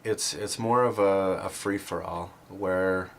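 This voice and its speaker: A man's voice: sits low, fairly even intonation, slight background noise. Earnest man telling a faith story. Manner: earnest and self-deprecating, with halting restarts. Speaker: speaker sharing a personal faith story. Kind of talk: personal storytelling talk.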